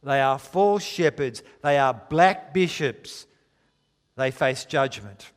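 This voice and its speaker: A man preaching a sermon, reading scripture aloud with dramatic, deliberate pacing and slowing down for emphasis. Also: mid-range voice, expressive, long reverb tail.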